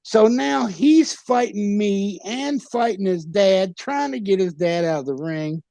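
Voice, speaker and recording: A man's voice: high voice, animated, a little slow, darkish tone, dry recording. A man, a former pro wrestler, telling rowdy, profane stories in a casual interview and laughing at his own pranks.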